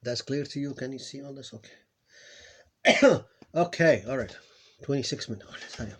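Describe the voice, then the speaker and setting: Give me a hoarse man teaching a lesson, halting and repetitive, with an ordinary mid-pitched voice. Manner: halting, repeats words, drills sounds slowly. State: losing his voice, clears throat. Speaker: Arabic teacher. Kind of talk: live online lesson.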